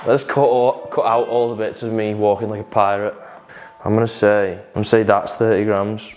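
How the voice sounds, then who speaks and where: A man's voice: fairly low pitch, little pitch movement, moderate pace, a little mellow. A young man chatting and joking as he learns to cook from his girlfriend. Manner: joking, self-mocking banter. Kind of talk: casual cooking chat.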